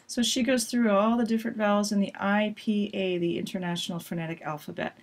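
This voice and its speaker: A woman teacher reviewing a pronunciation lesson in a clear, explanatory way. She models vowels by stretching them out and keeps an even, mid-range voice as she walks through the rules. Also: medium pitch, fairly quick. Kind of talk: recorded course review lesson.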